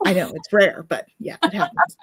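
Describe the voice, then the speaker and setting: A woman's voice: medium pitch, sing-song, moderate pace, fairly bright tone, slight background noise. A woman co-hosting a live spirituality stream, chatting casually and giggling easily as she rambles. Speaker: co-host of a spirituality live show.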